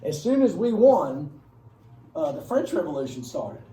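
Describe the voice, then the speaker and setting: A man's voice: fairly high pitch, very animated, a little slow, warm tone, a little hiss or hum. A male history teacher giving a casual classroom lecture, rambling with joking asides. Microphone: far camera. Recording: echoey room from far off.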